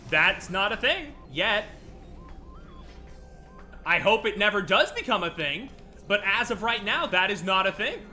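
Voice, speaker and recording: Animated, bright-voiced male game streamer. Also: high-pitched, a little slow, long pauses, soft background music. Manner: animated ranting, frequent laughter and swearing. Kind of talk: casual gameplay stream commentary.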